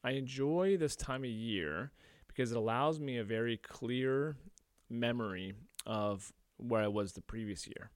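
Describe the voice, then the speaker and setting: A man's voice: medium pitch, measured pace, dry recording, clean studio sound. A man hosting his own coaching podcast. He talks casually from a room by a window, rambling with fillers after a punchy intro. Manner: energetic scripted intro, then relaxed rambling with fillers. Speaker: podcast host and men's coach. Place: indoors by a window overlooking a beach.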